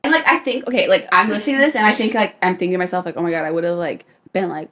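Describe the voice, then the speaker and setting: A woman's voice: lowish voice, racing, a bit bright, a little hiss or hum. A woman co-hosting a podcast in casual chat. She is wry and skeptical, and keeps steering the talk back on track. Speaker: podcast co-host.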